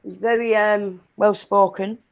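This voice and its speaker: A woman's voice: mid-range voice, fairly even intonation, a little slow, muffled recording, a little hiss or hum. A woman co-hosting a casual chat show, talking hesitantly and thinking aloud. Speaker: co-host.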